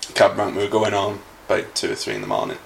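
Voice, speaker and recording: Wry man, lowish voice, casual storyteller. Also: very animated, fast talker, vocal fry, a bit bright, a little hiss or hum.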